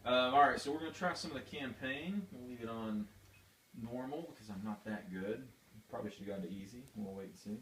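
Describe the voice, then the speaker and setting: A man's voice: medium pitch, a little fast, fairly bright tone. A man hosting a casual let's-play, rambling with hesitant fillers while he comments on the game. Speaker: gaming host. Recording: distant mic in a roomy space, faint noise.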